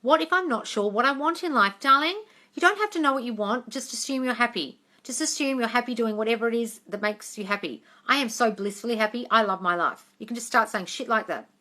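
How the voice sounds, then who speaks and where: Woman, bright and forceful tone, casual livestream chat, frank, swears, says darling a lot. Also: a little high, a little fast. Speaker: manifestation coach answering live questions.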